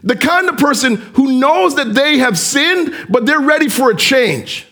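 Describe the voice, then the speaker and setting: A man preaching a sermon as pastor, animated and addressing the congregation with direct questions. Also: extremely high pitch, measured pace.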